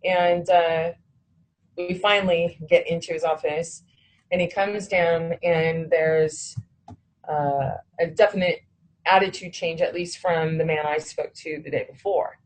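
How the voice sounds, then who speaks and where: A woman's voice: fairly low pitch, steady tone, measured pace, poor audio. A woman recounting a personal story, acting out the dialogue of others and cursing when heated.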